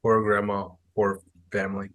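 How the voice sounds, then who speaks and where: A young man hosts a podcast, chatting casually in a slightly low voice. He tells stories with animated imitations of the people involved, jumping up into higher voices. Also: normal speed, no room sound. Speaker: podcast host. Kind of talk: casual chat.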